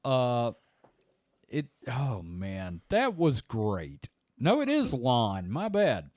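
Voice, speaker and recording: A man's voice: medium pitch, extremely slow, no room sound. A man with a Southern US accent hosting a podcast, reading a story aloud and joking with his co-hosts. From southern United States. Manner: animated, joking. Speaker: podcast host.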